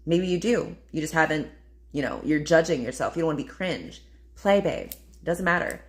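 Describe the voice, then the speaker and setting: Chatty playful woman vlogger, lowish voice. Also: moderate pace. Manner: chatty and playful, with many fillers and "babe". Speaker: spiritual vlogger. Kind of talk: casual spiritual vlog talk.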